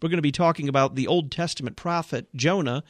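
A male radio host thanking a guest and reading announcements in a brisk, upbeat way. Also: a little high, no room sound, studio quality. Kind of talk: radio talk show announcements.

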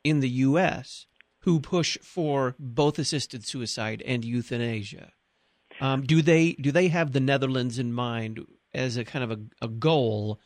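A male radio host asks measured, probing questions and leads the show into a break. His voice sits mid-range and sounds close and dry in the studio. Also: mid-range voice, dry recording. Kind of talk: interview questions.

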